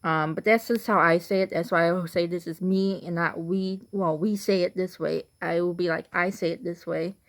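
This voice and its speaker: A woman's voice: fairly low pitch, steady tone, moderate pace, few pauses. Chatty young woman with an Illinois accent. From Illinois, USA. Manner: chatty, full of "like" and restarts. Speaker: vlogger. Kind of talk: casual rambling monologue.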